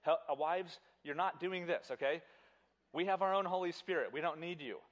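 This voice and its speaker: A man's voice: fairly high pitch, normal speed, muffled recording. Emphatic man preaching a sermon. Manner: emphatic, animated, repeats words, addresses congregation directly. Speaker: pastor.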